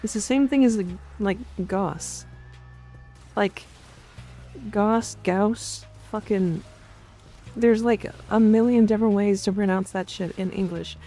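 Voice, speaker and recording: A woman game streamer talks loosely with viewers, profane and offhand as she rants. Her voice is gravelly and dark-toned, sitting at a middling pitch. Soft music plays faintly underneath. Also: slow pace. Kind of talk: casual gaming stream chat. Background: faint background music.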